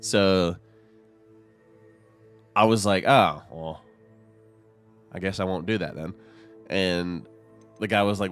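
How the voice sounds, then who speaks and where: A man's voice: low voice, slow pace, long pauses, fairly bright tone, clear, resonant tone, soft background music. A man chatting casually while streaming a game, rambling between topics and laughing often. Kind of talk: casual chat while gaming.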